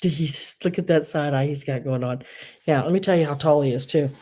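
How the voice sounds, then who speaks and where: A middle-aged woman runs a live online auction, chatting as she gushes over collectible figurines and reads out bids. Her voice sits low, brisk and warm in tone.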